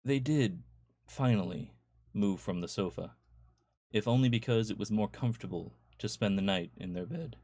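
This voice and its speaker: Low-voiced man reading a horror story. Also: mellow, dry recording, studio quality. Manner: measured, storytelling. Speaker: author reading his own stories.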